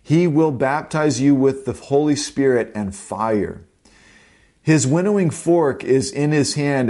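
A man delivers a sermon to his church in an animated, punchy way, firing off rhetorical questions. His voice sits at an ordinary middle pitch, neither deep nor high. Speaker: pastor.

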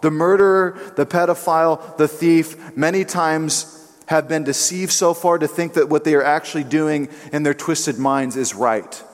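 A man's voice: a little high, steady tone, moderate pace. Emphatic man preaching in a reverberant hall. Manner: emphatic, acts out quotes in shifting voices. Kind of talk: sermon.

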